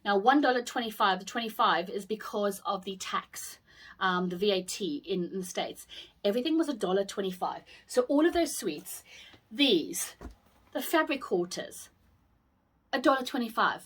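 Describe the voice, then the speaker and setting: A woman's voice: mid-range voice, lively intonation, moderate pace, a bit bright, slightly rough. A British woman chatting casually in a shopping haul video, gushing and exclaiming over each item she shows. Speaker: haul vlogger.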